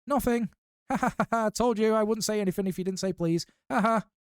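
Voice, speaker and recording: A man playing a gleeful, cackling poltergeist who taunts in a high sing-song lilt. His pitch jumps far above his normal reading voice. The tone stays mellow and the sound is dry and close. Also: big pitch swings, normal speed, dry recording. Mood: gloating.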